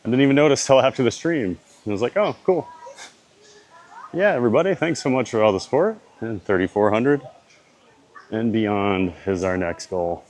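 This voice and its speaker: A man with a Louisiana accent live-streaming from a theme park, reading and answering chat viewers in a relaxed way. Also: lowish voice, fairly quick.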